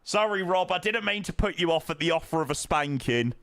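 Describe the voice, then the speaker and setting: A man's voice: fairly high pitch, animated, a little fast, fairly bright tone, no echo. A young man streaming a flight sim, chatting casually with viewers in matey banter full of fillers. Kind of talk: casual live-stream chat, answering viewers.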